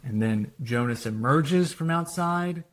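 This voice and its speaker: A man's voice: on the high side, lively intonation, unhurried. Screenwriter casually retelling his screenplay. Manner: casual, loose retelling with restarts and quoted dialogue. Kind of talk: spoken screenplay treatment.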